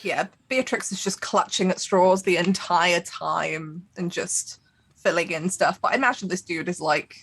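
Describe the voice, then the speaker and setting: A woman's voice: lowish voice, unhurried, a bit bright, slightly rough. A woman player in a tabletop game, describing her cat character in chatty casual talk. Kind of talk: casual role-play chat.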